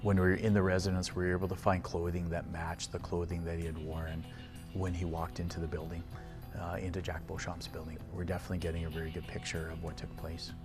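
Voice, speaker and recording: A male police investigator speaking in a documentary interview, measured and restarting phrases as he explains. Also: sits low, little pitch movement. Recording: interview with a music bed.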